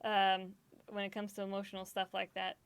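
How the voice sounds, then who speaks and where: A woman's voice: medium pitch, monotone, fairly quick, clear, resonant tone. A woman gaming streamer in casual chat, rambling, swearing often and laughing easily, self-deprecating and emotional.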